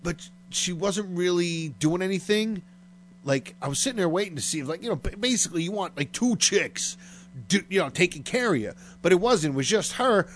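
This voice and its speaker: A man's voice: high-pitched, lively intonation, brisk. Rambling, profane man telling a story. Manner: rambling and profane, heavy on fillers. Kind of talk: casual storytelling chat.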